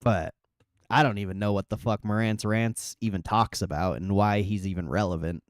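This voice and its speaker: A man with a lowish voice hosts a relaxed livestream, chatting loosely and swearing as he reacts to viewer comments. He laughs often and trails off into mumbles. The recording is close and dry. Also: normal speed, smooth, no room sound. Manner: laid-back, swears a lot, laughs often. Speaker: livestream host. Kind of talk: casual livestream chat reading comments.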